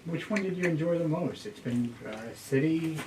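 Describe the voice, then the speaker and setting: A man's voice: fairly high pitch, animated, normal speed. A man reporting and asking brief, curious questions in an interview. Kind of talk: news interview. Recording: distant, echoey, noisy.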